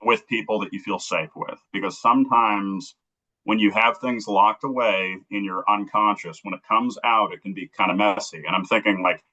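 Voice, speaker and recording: A man from Kansas City telling an emotional personal story as a guest, earnest and halting, acting out the dialogue he quotes. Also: on the low side, pushed and bright. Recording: dull lo-fi recording.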